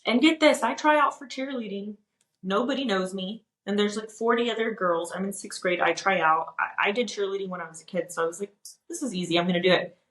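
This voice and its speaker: A woman from Dallas, Texas, co-hosting a podcast, telling a personal story in an animated, chatty way with lots of "like". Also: mid-range voice, fairly quick, echoey room, poor audio. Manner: animated, chatty, heavy use of "like". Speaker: podcast co-host. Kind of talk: casual chat, personal storytelling.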